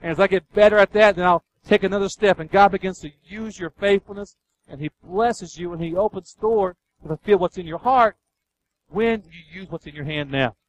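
A male pastor delivering a sermon in a fairly high voice. He hammers points home by repeating them and briefly mimics the excuses people give. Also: a little fast, rough recording. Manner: emphatic, repeats key lines, acts out excuses.

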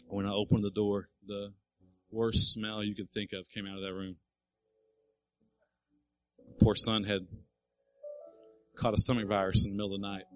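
A man's voice: lowish voice, highs cut off. A middle-aged male pastor preaching a sermon, telling a family story and building to emphatic appeals.

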